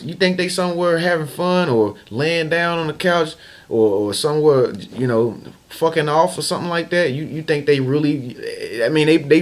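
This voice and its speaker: Emphatic man repeating himself for effect. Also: mid-range voice. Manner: emphatic and repetitive, hammering phrases over and over; casual slangy talk with frequent restarts. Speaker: motivational vlogger. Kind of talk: motivational talk to camera.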